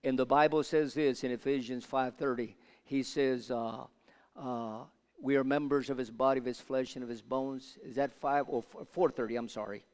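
An older man preaching a sermon, moving from quiet Bible teaching to loud call-and-response with the congregation. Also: mid-range voice, steady tone, normal speed. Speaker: pastor. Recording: long hall reverb.

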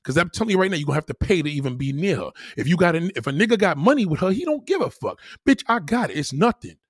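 A man hosting a livestream, ranting loudly and profanely as he reacts to viewer comments. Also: fairly high pitch, sing-song, racing, husky, no echo, clean studio sound. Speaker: livestream host. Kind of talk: heated livestream rant.

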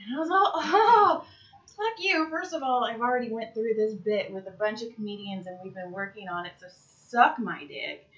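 A woman comedian in casual chat, telling stories in an animated, profane way. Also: medium pitch, fairly quick, hardly any pauses. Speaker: comedian and podcast co-host. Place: Santa Clarita area. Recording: dull lo-fi recording.

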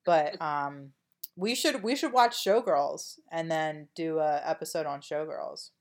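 A woman's voice: sits low, a little slow. A woman co-hosting a podcast in casual chat, rambling and wry with lots of fillers. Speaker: podcast co-host.

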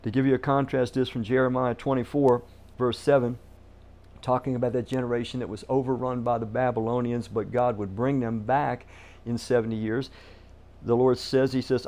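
Middle-aged male pastor, mellow tone, emphatic sermon delivery. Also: mid-range voice, fairly even intonation, normal speed. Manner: emphatic, repeats key words for stress.

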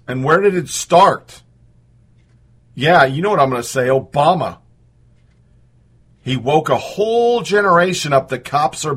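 A man's voice: a little high, a bit bright. Profane, ranting male podcast host. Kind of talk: podcast commentary.

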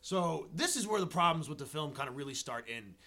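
A man's voice: on the high side, animated, fairly quick, pushed and bright. A man co-hosting a casual movie podcast, talking with enthusiasm and casual swearing. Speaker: podcast co-host. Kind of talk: casual chat.

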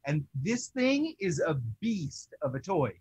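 A young man co-hosting a toy collecting show, chatting in an excitable, rambling way. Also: high-pitched, slow pace, husky, poor audio. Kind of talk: casual chat.

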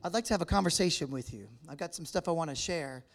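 A fast-talking American man with a fairly high-pitched voice is the guest speaker at a church hall full of people. His talk is casual and joking, and he keeps chatting with the crowd.

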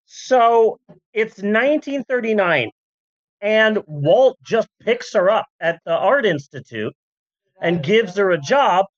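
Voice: mid-range voice, lively intonation, slow, dry recording, highs cut off. A podcast host telling history in a rambling, jokey way, full of asides and silly voice bits. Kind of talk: comedic history podcast chat.

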